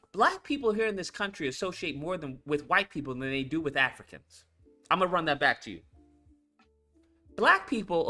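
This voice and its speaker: A man hosting a commentary channel delivers a casual political rant in a high, pushed, bright voice. He's blunt, profane and heated, repeating himself to drive points home.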